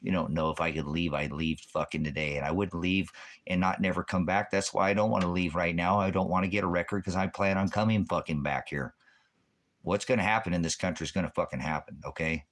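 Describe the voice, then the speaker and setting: A man's voice: low-pitched, steady tone, brisk, fairly bright tone. A man hosting a ministry livestream, ranting in a heated, profane, rambling way and quoting scripture. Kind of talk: angry livestream rant.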